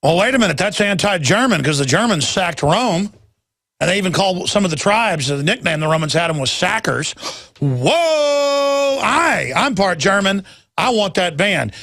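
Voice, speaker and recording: A male talk radio host rants with heat and emphasis, stumbling over restarts as he pushes on. His voice is gravelly and a little higher than usual. The sound is dry and close. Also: sing-song, normal speed, fairly bright tone, no echo. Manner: heated, emphatic, stammering restarts. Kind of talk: ranting talk radio monologue.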